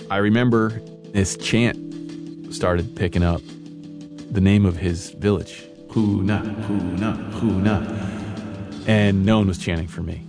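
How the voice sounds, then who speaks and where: Young man, deep and gravelly, relaxed first-person storyteller over guitar. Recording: guitar music behind voice.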